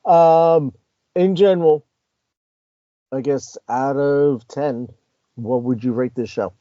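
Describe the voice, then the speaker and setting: A man co-hosting a podcast, talking in a relaxed way and steering the discussion. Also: medium pitch, slow pace, no echo, muffled recording. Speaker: podcast co-host. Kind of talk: casual review chat.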